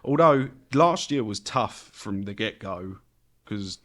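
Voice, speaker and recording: A man's voice: on the low side, animated, slow pace, a bit bright. A man co-hosting a podcast over a remote call, chatting animatedly, laughing often and swearing casually. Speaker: podcast co-host. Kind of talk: casual chat. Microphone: remote call mic.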